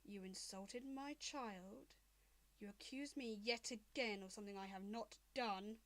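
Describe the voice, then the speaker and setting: A woman voicing a stern, cold female dragon who runs a shop and speaks slowly and icily. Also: mid-range voice, a bit bright. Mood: angry. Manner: slow, clipped, icy.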